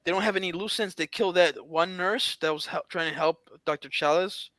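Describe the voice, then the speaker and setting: A man's voice: sits high, a little fast, sharp tone, dry recording. A man co-hosting a casual movie podcast, nitpicky, laughing often and stumbling over restarts. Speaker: podcast co-host.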